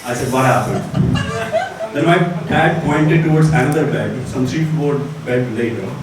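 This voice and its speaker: A young man doing a stand-up set at a college festival, telling a story with animated delivery and low deadpan asides. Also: moderate pace. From Bengal, India. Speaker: stand-up comedian. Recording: echoey hall with crowd noise, far mic.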